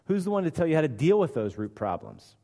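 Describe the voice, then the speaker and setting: A man preaching a sermon, acting out quoted voices and swinging between loud and hushed delivery. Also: fairly high pitch, very animated, fast talker. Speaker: pastor. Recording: long hall reverb.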